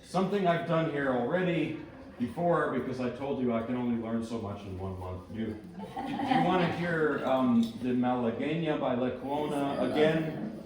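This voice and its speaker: A man's voice: medium pitch, moderate pace, darkish tone, recorded from a distance. A man introducing pieces at a lecture recital, chatting casually with the audience and wandering into amused asides. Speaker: performer giving a lecture recital. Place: hall with live audience. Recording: echoey hall, speaker off-mic.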